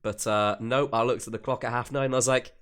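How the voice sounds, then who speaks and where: A young man with a mid-pitched voice co-hosting a podcast in casual chat. He sounds tired and laid-back, rambling on easily as he explains things. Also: steady tone, fast, fairly bright tone, clear, resonant tone. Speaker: podcast co-host.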